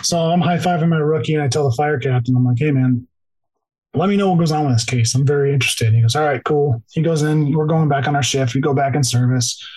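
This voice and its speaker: On a rough recording, a male police officer guesting on a podcast recounts a personal, emotional story at a quick pace. His voice is fairly high with a darkish tone, and he's tearful at times, full of "like" and restarts.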